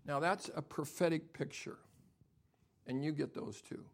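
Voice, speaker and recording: An older man preaching a sermon as pastor, dropping to soft near-whispers and then building to loud, emphatic preaching. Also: fairly high pitch, measured pace.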